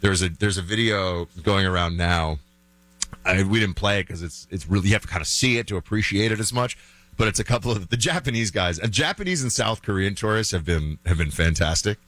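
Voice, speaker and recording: A man's voice: low-pitched, fairly quick, a bit bright, no room sound. A man hosting a talk show, giving chatty, opinionated commentary full of fillers and restarts.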